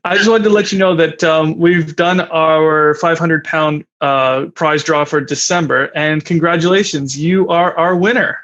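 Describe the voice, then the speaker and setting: A man's voice: on the high side, fairly even intonation, a little slow, hardly any pauses, fairly bright tone, dull audio. A man co-hosting a casual podcast, hesitant and full of ums and restarts. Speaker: podcast co-host.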